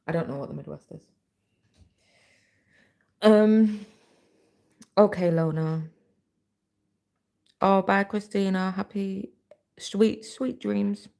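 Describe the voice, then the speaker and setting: A woman's voice: low-pitched, darkish tone. A tired woman hosting a live stream, chatting casually and rambling while she stitches, her voice turning scratchy. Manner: chatty, rambling, many fillers. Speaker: livestream host.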